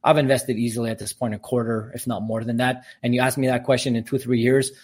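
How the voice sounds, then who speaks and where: A man's voice: medium pitch, little pitch movement, quick pace, a little mellow. Confident upbeat Canadian male guest. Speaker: guest speaker. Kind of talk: casual podcast interview.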